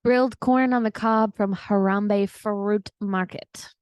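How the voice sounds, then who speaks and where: A woman's voice: mid-range voice, fairly even intonation, slow, darkish tone, clean tone, dry recording. Bubbly woman on a dry mic. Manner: bubbly, enthusiastic. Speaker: podcast co-host. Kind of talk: casual podcast chat.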